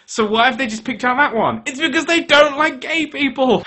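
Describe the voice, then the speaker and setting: A man ranting his opinions to camera in a heated, animated way. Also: extremely high pitch, quick pace, few pauses. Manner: animated, heated, switching into voices for quoted people. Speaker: video maker.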